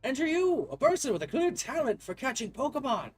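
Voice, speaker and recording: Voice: high voice, big pitch swings, fairly quick, breathy edge, faint music behind, voice pushed up, full character voice. A player reads game dialogue aloud in a put-on voice as a genteel, chatty male professor with polite old-fashioned phrasing. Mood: enthusiastic. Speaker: gaming video creator.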